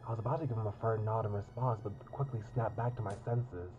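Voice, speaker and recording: A man's voice: fairly low pitch, steady tone, quick pace, lo-fi sound, over music. A man reading through a visual novel on stream, narrating and chatting about it in a rambling, casual way with lots of fillers. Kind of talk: casual game commentary and narration.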